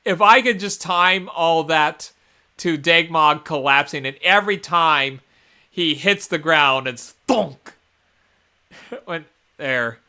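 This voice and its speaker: A man's voice: on the high side, slow, pauses often, bright, forceful tone, clear, resonant tone. A man hosting a casual livestream over gameplay, rambling with many fillers and restarts. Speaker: gaming channel host. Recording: game music playing behind the voice. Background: game soundtrack music.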